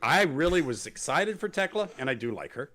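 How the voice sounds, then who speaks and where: A man hosting a wrestling podcast, talking casually and sarcastically. His pitch swings widely as he mocks promos in put-on voices. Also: big pitch swings, brisk, a bit bright. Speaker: podcast host. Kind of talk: casual wrestling recap chat.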